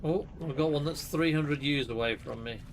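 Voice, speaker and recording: A man hosting a multiplayer game stream, chatting casually and joking excitably with friends. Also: on the high side, moderate pace, a little hiss or hum. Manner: jokey, excitable, lively. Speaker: streamer host. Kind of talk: casual gaming chat.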